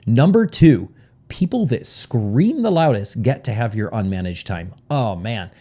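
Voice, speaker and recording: A man's voice: medium pitch, animated, measured pace, mellow. A man coaching on time management in a casual, rambling teaching talk, with frequent sidebars and "right?" check-ins.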